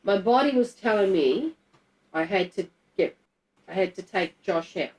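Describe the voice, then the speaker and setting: Middle-aged aussie woman telling her own story to a group, blunt and emotional, swears a lot, normal pitch. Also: expressive, unhurried, a little mellow, poor audio. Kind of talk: personal storytelling to a small group.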